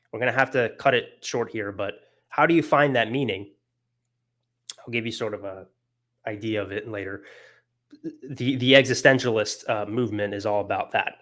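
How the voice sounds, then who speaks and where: An earnest young man gives a loose, conversational lecture. His voice sits at an ordinary middle pitch, and he piles up fillers and restarts as the ideas carry him along. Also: fairly bright tone. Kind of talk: casual lecture on philosophy.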